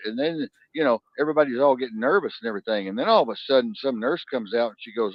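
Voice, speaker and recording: A man's voice: mid-range voice, expressive, rapid-fire, hardly any pauses, no echo. A man hosting a casual talk show, telling rambling stories and crude jokes with many restarts. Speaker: podcast host. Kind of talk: casual storytelling chat. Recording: dull lo-fi sound.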